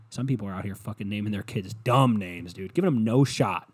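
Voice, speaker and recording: A man's voice: fairly low pitch, a little fast, few pauses, breathy edge. A man delivering a rambling, profane comedic rant that swings into mockery.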